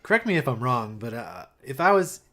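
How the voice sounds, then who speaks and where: A man co-hosting a casual political podcast, dry and sarcastic in a relaxed way. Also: medium pitch, fairly quick. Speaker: podcast co-host.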